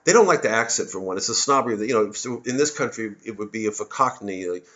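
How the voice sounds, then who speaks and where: A man's voice: lowish voice, expressive, fast talker, fairly bright tone, dull audio. A man, a satirist, delivering a rambling, sardonic monologue full of swearing. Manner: sardonic, swearing, mocks others in put-on voices. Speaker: comedian and satirist.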